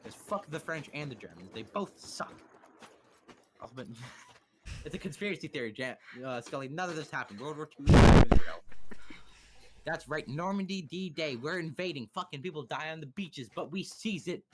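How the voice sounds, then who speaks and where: A man's voice: on the high side, expressive, normal speed, a bit bright, slight background noise. Crude joking young man streaming. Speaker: streamer explaining history. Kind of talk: casual livestream chat.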